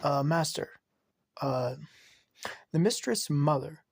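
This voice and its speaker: A man's voice: a little high, expressive, takes it slowly, slightly rough, no room sound, studio quality, full character voice. A man voicing a servile, hesitant male robot butler who stammers. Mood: nervous.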